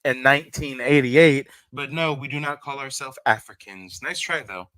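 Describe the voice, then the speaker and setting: Male host, mid-pitched, blunt and mocking commentary, dry recording. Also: normal speed, pushed and bright, dry recording, poor audio. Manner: sarcastic, blunt.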